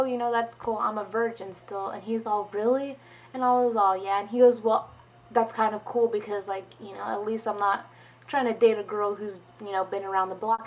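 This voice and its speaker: A young woman talks through a storytime vlog in a relaxed, chatty way, acting out what everyone said. Her voice sits at a medium pitch, with faint noise behind it. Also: poor audio. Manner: chatty, animated, full of "like" and quoted dialogue. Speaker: vlogger. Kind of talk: casual storytime.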